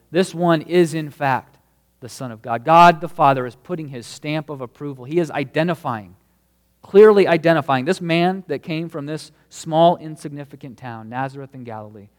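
A man's voice: a little high, big-room sound. A man preaching a sermon as a pastor, earnest and emphatic, leaning hard on key words.

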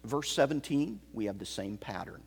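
A man preaching an expository sermon, slow and emphatic, repeating key phrases. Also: mid-range voice, animated, creaky, husky. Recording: long hall reverb.

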